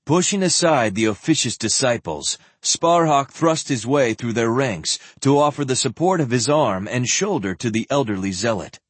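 A man reading a fantasy novel with a lively, expressive delivery, his pitch rising and falling freely. His voice is slightly husky. The close, dry studio sound adds no room. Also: moderate pace, few pauses, dry recording. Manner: expressive, acts out the dialogue. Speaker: audiobook narrator. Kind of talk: scripted narration.

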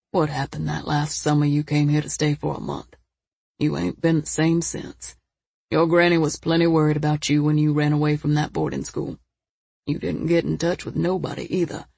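A woman doing a folksy gravelly old man. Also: little pitch movement, normal speed, a little mellow, no room sound, exaggerated voice. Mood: concerned. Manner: folksy rural grammar, lowered voice. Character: folksy older man, gruff but caring.

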